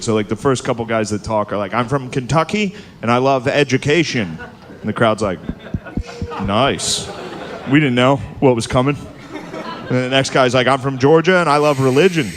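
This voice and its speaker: A male comedian telling an animated stand-up story, acting out voices and laughing at his own jokes. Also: mid-range voice. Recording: live audience behind.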